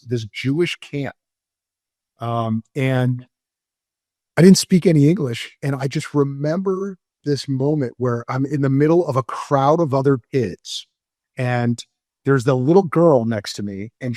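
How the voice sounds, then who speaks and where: A middle-aged man from Moldova tells a painful memory as a podcast guest, stopping and restarting, his voice close to tears. His voice sits at a middle pitch. The sound is dry, with no room echo. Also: darkish tone. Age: 40s. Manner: candid, halting, many fillers and restarts. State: near tears. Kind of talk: emotional personal storytelling.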